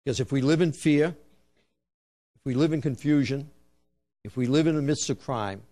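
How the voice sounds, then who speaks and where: An older man with a strong Boston accent delivers a public speech. He speaks in a measured, emphatic way, laying points out like a lecture and slipping in dry humor. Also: medium pitch, dark tone. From United States. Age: 60s. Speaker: police commissioner giving a speech.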